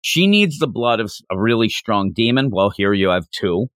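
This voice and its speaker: A man hosting a casual podcast chat, animated and slipping into little acted-out lines. His voice sits at a middle pitch with a lively, swinging melody. The recording is close and dry. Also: moderate pace, no room sound. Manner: animated, acts out characters' lines in quotes. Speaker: podcast host.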